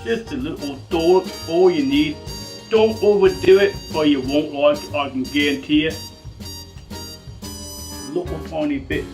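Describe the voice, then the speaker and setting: A man's voice: a little high, fairly even intonation, moderate pace, pauses often, a little mellow, far from the mic, soft background music. A man hosting a mock-serious cooking demonstration, rambling and joking with slangy asides. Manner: jokey, rambling, drops slangy "mate" and "bloody". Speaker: cooking show host.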